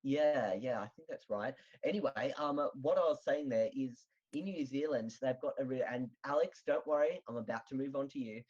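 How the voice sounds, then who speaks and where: Chatty Australian chat host, husky voice. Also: medium pitch, moderate pace, few pauses, a little mellow, muffled recording. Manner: chatty, laughs often, storytelling. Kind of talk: casual group voice chat.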